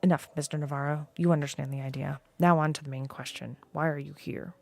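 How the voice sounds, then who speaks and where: Woman doing an old blind man, grave, haunted, solemn, low gravelly tone, storybook reading. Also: fairly even intonation, fast talker, a little mellow. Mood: stern.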